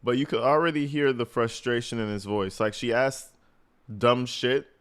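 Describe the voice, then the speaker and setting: A man giving casual, profane reaction commentary, mocking and animated. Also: medium pitch, moderate pace, clear, resonant tone. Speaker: commentary host.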